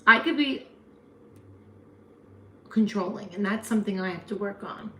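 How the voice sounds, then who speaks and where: A woman's voice: medium pitch, normal speed, pushed and bright, roomy sound, slight background noise. A woman in her fifties with a New Jersey accent, hosting a casual livestream and chatting frankly back to viewer comments. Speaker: livestream host. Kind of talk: casual live chat reading comments.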